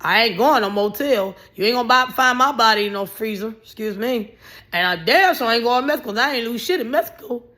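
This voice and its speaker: A woman giving casual, ranting commentary, blunt and animated, swearing freely and raising her voice in bursts. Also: fairly high pitch, fairly quick. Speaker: vlogger.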